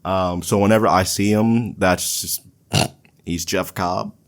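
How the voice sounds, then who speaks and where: A man with a lowish voice talks through wrestling matches at an unhurried, drawn-out pace. He sounds laid-back and swears casually, chuckling at his own stumbles. The delivery suits a casual podcast recap. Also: fairly even intonation. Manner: laid-back, profane, laughs at himself. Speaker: podcast host.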